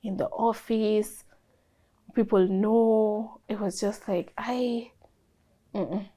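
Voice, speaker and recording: A young woman, a guest in an interview, telling a personal story in a lively way and acting out what people said. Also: medium pitch, takes it slowly. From Kenya. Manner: animated storyteller, acts out quoted dialogue.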